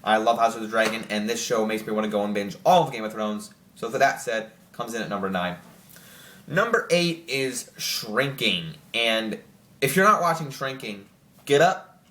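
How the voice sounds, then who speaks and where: Rambling excited young man, roomy sound. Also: fairly low pitch, normal speed. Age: young adult. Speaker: channel host ranking TV shows. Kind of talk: casual chat to camera. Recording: roomy echo.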